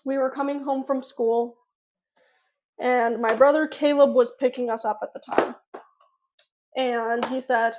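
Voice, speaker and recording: A woman's voice: sits high, steady tone, a little slow, pauses often, darkish tone, muffled recording, slight background noise. A woman vlogger telling a personal story to her viewers in a casual, rambling way, full of fillers and restarts.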